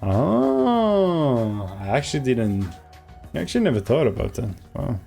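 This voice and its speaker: A man's voice: mid-range voice, lively intonation, fast, vocal fry, dark tone, faint music behind. A man casually commenting while playing a video game, chatty, with self-correcting asides. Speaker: streamer.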